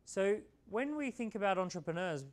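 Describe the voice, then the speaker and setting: A man's voice: sits high, lively intonation, moderate pace. A man giving a casual, conversational motivational talk to a live audience, often checking in with "right?". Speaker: keynote speaker.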